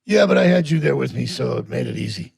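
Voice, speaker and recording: Gravelly older guy, lively pitch, keeps restarting and saying man. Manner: halting, repeats himself, says "man" often. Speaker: guest actor. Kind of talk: casual interview chat.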